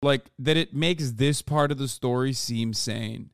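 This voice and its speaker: A man reacting to a documentary in casual, profane, excitable commentary that rambles and restarts. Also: medium pitch, unhurried, gravelly, clear, resonant tone, no room sound, clean studio sound.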